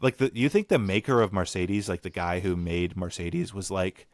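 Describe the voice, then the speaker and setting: A man's voice: low voice, normal speed, dry recording, clean studio sound. A young man hosting a casual podcast chat, ranting bluntly and swearing. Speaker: podcast host.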